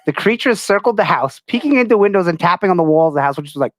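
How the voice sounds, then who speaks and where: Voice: mid-range voice, lively intonation, racing, no echo. A podcast host reading out a cryptid story in a casual, joking way, often laughing and slipping into silly voices.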